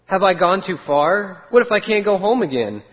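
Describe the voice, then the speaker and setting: A man doing a frightened little lost sheep from a rhyming storybook, worried and pleading. The voice sits high and comes through a thin, phone-like line with a long, hollow reverb. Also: lively intonation, moderate pace. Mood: worried, sad.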